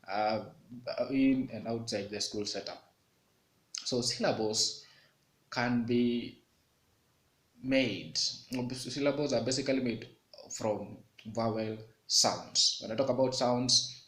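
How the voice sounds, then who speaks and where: A man giving an English lesson, saying example words slowly and repeating each one several times. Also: mid-range voice. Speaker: English teacher. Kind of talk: classroom lesson. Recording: echoey room.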